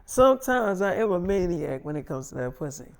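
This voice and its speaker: A man's voice: high-pitched, big pitch swings, fairly quick, gravelly. A man telling an improvised freestyle story in a casual, boastful, crude way.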